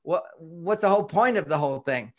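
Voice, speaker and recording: Higher-voiced man explaining with lively quotes. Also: brisk. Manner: animated, acts out quoted voices, chuckles often. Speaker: relationship author and expert guest. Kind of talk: casual interview talk.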